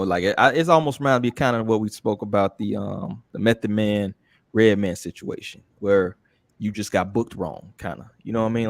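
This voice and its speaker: A man's voice: fairly low pitch, dry recording. A man co-hosting a podcast, talking in a blunt, profane, casual way. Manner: blunt, profane, says bro a lot. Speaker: podcast co-host. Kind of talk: casual chat.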